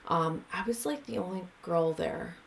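A woman guest in a casual interview, telling a long personal story. Her voice sits a little low, and she talks in loose, rambling sentences packed with fillers. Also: normal speed, creaky. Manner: rambling, heavy with "like" and "um".

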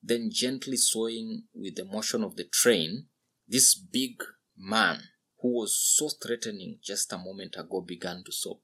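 A man narrating a story in an earnest, unhurried way. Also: on the low side, sharp tone.

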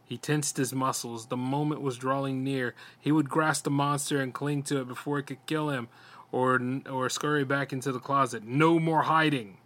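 Guy narrating a horror story for his podcast, steady, trips on words now and then. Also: medium pitch, normal speed. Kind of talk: dramatic horror story reading.

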